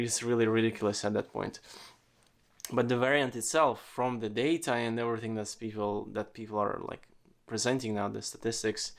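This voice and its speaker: A man hosting a casual solo podcast, rambling with lots of fillers and swearing freely. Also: medium pitch. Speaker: podcast host.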